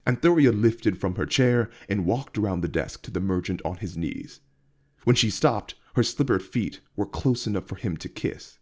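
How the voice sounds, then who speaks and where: A man reading his own novel aloud in a measured, expressive storytelling manner. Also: fairly low pitch. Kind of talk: audiobook narration.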